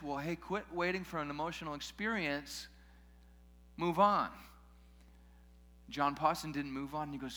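A man preaches to his congregation in a relaxed, conversational sermon style and throws in joking asides to the crowd. His voice sits a bit high and has a bright, forceful edge. It rings out in a large church hall with a long reverb. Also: normal speed.

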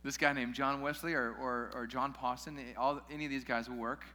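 A man's voice: mid-range voice, steady tone, fairly quick, bright, forceful tone, faint music behind. A man preaching a sermon in a casual way, with joking asides to his listeners. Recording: long hall reverb.

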